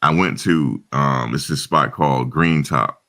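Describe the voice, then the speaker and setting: Very deep-voiced man telling a story. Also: measured pace. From New Jersey. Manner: animated storyteller who acts out the people he quotes. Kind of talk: casual personal anecdote.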